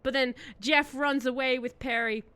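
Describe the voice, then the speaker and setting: A woman's voice: sits high, fairly even intonation, normal speed, pushed and bright, clean tone. A woman streamer chatting casually and telling a rambling story, giggling often.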